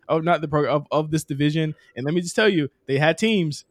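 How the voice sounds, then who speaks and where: A young man riffs on wrestling with a co-host, animated, profane and quick to laugh. His voice sits a little high. It is recorded close and dry, with no room sound. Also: dry recording. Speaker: podcast co-host. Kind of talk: casual wrestling chat.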